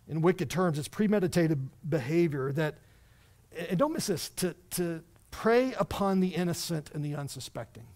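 Male pastor, high voice, lively conversational sermon with dry humor. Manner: animated, conversational preaching with wry asides. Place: church sanctuary.

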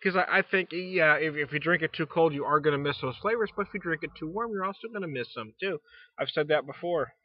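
In a casual vlog, a man with a fairly high voice reviews beer at a quick pace, rambling with frequent restarts and fillers. He speaks frankly and swears mildly now and then. The sound is lo-fi with no echo.

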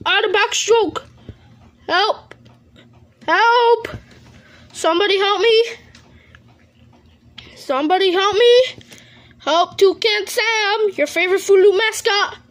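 A woman voicing a crude, squawking cartoon toucan mascot in a plush toy skit, shrieking and yelling insults. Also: very high-pitched, takes it slowly, long pauses, exaggerated voice. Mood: panicked.

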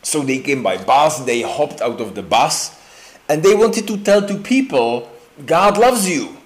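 A pastor man preaches in a church, unhurried and loose. He jokes with the room, and his pitch rises and falls a lot. He fills gaps with frequent "uh"s and restarts. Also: big pitch swings. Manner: chatty and joking, with many fillers and slow restarts. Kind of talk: informal sermon. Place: church sanctuary indoors.

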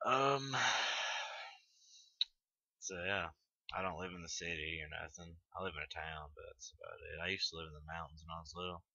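A man's voice: very deep voice, little pitch movement, fast talker, vocal fry, pushed and bright, no echo, lo-fi sound. A teenage man with a Southern Tennessee accent, chatting casually and hesitantly, trailing off and swearing offhand while reading through an accent tag. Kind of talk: casual unscripted chat.

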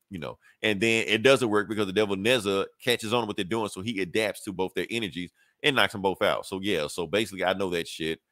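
A man's voice: sits low, fast talker, few pauses, a bit bright, dry recording, clean studio sound. A man co-hosting a podcast, retelling a comic plot in loose, slangy chat and quoting the characters. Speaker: podcast co-host. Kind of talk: casual comic recap.

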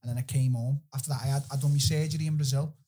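Husky Scouse man telling stories. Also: medium pitch, rapid-fire. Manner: animated, heavy swearing. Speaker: podcast guest, fighter. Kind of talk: casual storytelling.

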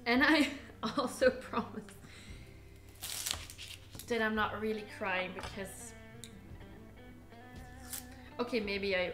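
A woman's voice: mid-range voice, takes it slowly, long pauses, reverberant, over music. A woman chatting casually with her viewers while she cooks in her home kitchen, teasing herself and giggling. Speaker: cooking livestreamer. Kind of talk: casual live cooking stream chat.

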